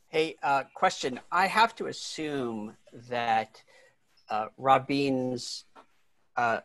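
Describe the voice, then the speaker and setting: A man's voice: medium pitch, takes it slowly, fairly bright tone. Tentative man musing on a call. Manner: tentative, thinking aloud. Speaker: class participant. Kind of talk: asking a question in an online class. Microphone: video call.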